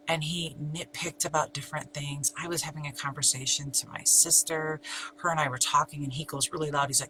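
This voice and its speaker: A woman's voice: sits low, fairly quick, rough recording. A middle-aged woman telling her own story in an emphatic, repetitive way, sometimes dropping to a whisper. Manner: emphatic, repeats herself, sometimes drops to a whisper. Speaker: channel host, abuse survivor. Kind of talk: personal storytelling. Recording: steady hum in background.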